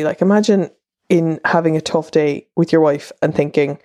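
A woman's voice: deep voice, normal speed, warm tone, dry recording, clean studio sound. An Irish woman in her thirties hosting a podcast, talking in a chatty, rambling monologue that wanders and restarts itself. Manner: chatty, wandering, self-interrupting. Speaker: podcast host and columnist.

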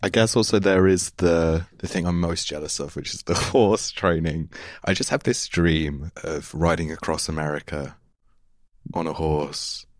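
Deep-voiced chatty host. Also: male voice, steady tone, measured pace, no echo, clean studio sound. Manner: chatty, laughs often, swears casually. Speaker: podcast host, touring musician. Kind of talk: casual podcast conversation.

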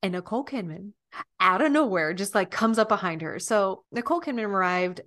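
A woman's voice: medium pitch, animated, fairly quick, a bit bright. Chatty woman podcast co-host. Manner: laughing, chatty, reads article snippets aloud. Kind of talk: casual chat.

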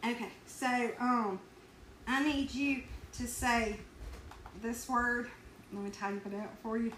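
Southern woman podcast host, high voice, animated storyteller, roomy echoey sound. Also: takes it slowly. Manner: animated, laughs while telling stories. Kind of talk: casual storytelling chat. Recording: roomy echo with faint ambient noise.

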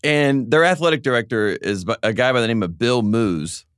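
A man's voice: mid-range voice, clean tone, no room sound, clean studio sound. Joking man hosting a sports podcast. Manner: joking, animated, quick asides. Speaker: podcast co-host. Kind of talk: casual sports chat.

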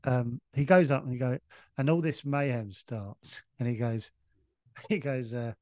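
Comedian guy rambling thru a gig story, mid pitch, bone dry sound. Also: measured pace, warm tone, dry recording. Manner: rambling, stop-start storytelling with swearing. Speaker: comedian guest. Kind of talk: casual anecdote on a podcast.

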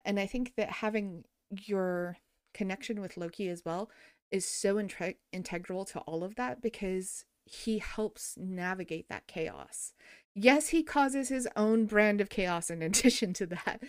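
A woman hosting a podcast, chatting casually and telling animated stories with frequent laughter. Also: medium pitch, a little slow, smooth, no echo, studio quality. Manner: animated storyteller, laughs often. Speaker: podcast host.

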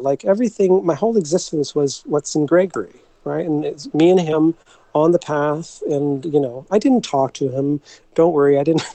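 A man with a somewhat raised, mellow voice recounts a personal story as an interview guest. He talks in a halting way, restarts his sentences often and breaks into laughter. The sound is close and dry. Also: fairly high pitch, no echo.

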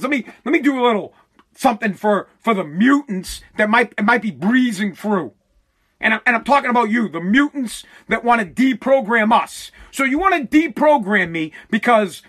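Guy ranting politics, swearing a lot, voice jumps around. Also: extremely high pitch. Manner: profane, animated, mocking. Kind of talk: heated political rant.

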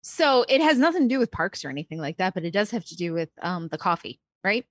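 A woman's voice: medium pitch, big pitch swings, fast, dry recording. A woman co-hosting a casual podcast, telling a story in a chatty way with many fillers. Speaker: podcast co-host. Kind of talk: casual chat.

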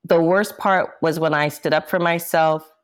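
A woman's voice: sits low, fairly even intonation, moderate pace, music in the background. A woman, an interview guest, telling a painful personal story with intensity and indignation. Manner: intense, indignant, quotes herself forcefully. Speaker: interview guest, jazz singer. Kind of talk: emotional personal account.

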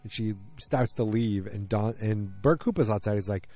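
A man with a fairly low, mellow voice talks through a TV episode in a loose, rambling way. He trips over his words and corrects himself as he goes. Faint music plays behind him. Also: moderate pace, no room sound. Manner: rambling, self-correcting, loose slangy talk. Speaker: TV episode recapper. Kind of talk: casual episode recap.

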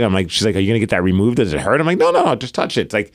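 A man co-hosting a podcast in casual chat, an animated storyteller who laughs often. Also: mid-range voice, rapid-fire, hardly any pauses, dry recording, clean studio sound. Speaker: podcast co-host.

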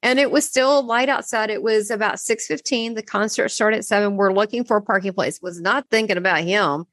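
A woman in a casual spiritual conversation, telling a personal story with lively, swooping delivery. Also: a little fast, no echo. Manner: animated storytelling, swooping pitch.

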